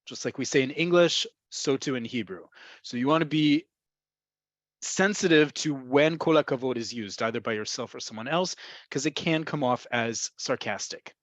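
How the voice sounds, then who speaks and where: A man's voice: medium pitch, moderate pace, fairly bright tone, no room sound. A man teaching a webinar lesson on Hebrew expressions, explaining pronunciation and often checking in with "right?". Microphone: webinar computer mic.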